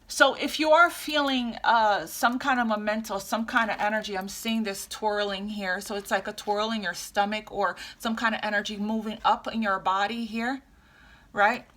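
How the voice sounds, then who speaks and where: A woman's voice: mid-range voice, steady tone, moderate pace, fairly bright tone. A woman tarot reader speaking casually to her viewers, rambling with many restarts and fillers.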